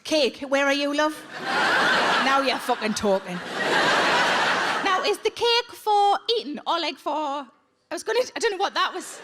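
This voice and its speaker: Woman comic, crowd work in a big theatre, high pitch, loud audience noise behind. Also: expressive, moderate pace. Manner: blunt, sweary, chatty crowd work. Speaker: stand-up comedian. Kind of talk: live stand-up with audience banter. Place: large theatre on stage. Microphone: handheld stage microphone. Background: audience laughter.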